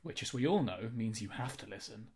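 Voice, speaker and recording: A young man narrates with a dry, deadpan calm, sounding mock-apologetic throughout. His voice sits slightly low and even. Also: brisk, creaky. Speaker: comedian narrator.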